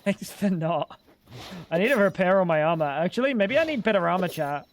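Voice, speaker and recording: High-voiced young man streaming a game. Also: sing-song, fast talker, slight background noise. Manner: rambling, joking, swearing, talks to chat. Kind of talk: casual gaming stream commentary.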